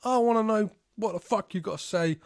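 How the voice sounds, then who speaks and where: A man voicing a brash, irate woman who shrieks down the phone in a shrill, abrasive voice. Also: no echo, studio quality. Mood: outraged. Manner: rapid, scolding outburst.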